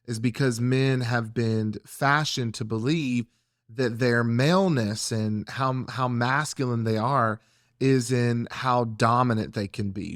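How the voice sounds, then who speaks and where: A man leads a faith-based conversation in a measured, reflective tone. His voice sits at an ordinary pitch for a man. The sound is dry, with no room echo. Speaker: church podcast host.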